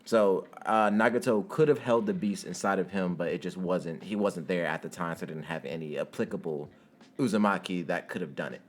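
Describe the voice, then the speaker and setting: A young man narrating a fan story and then chatting casually to his viewers, rambling and laughing, jumping into high squeaky tones when he jokes. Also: a little fast. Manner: giggly, rambling, jumps into high squeaky bits when joking.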